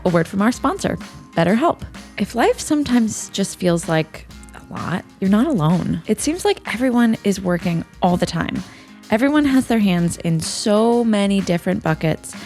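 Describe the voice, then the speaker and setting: A woman's voice: medium pitch, lively intonation, normal speed, a little mellow. Young woman, chatty podcast co-host, laughs easily, reads sponsor ads, faint music behind. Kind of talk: casual chat and ad reads.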